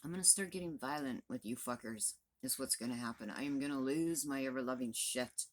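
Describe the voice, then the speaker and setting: A woman's voice: very deep voice, fairly quick, hardly any pauses. A woman in her fifties, a vlogger, venting to the camera in a blunt, profane, exasperated rant. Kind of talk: angry direct-to-camera rant.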